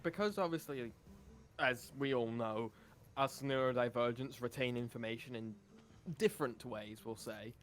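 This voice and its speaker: A man's voice: mid-range voice, normal speed. A man co-hosting a charity stream, talking playfully and casually. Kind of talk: casual chat.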